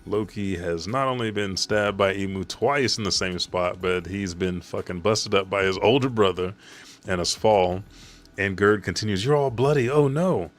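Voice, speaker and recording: A man's voice: low voice, fairly even intonation, moderate pace, faint music behind. A man casually recapping a manga chapter, rambling and swearing.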